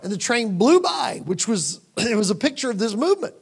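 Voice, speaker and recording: A man telling a personal story as a conference sermon, conversational and animated, dropping to hushed tones when he quotes himself. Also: very high voice, brisk, gravelly, slightly rough. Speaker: conference speaker. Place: conference hall.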